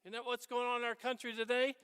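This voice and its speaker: Male priest, high bright voice, animated and chatty homily, echoey church. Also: fast, clean tone. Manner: animated, conversational preaching with asides. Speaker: Catholic priest.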